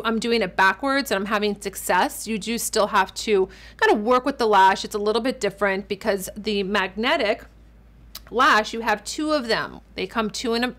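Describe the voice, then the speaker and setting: A woman's voice: a little high, a bit bright. Chatty woman demonstrating lashes. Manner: chatty, enthusiastic, repeats words while demonstrating. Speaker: makeup artist and beauty vlogger. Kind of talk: casual product demo tutorial. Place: home studio.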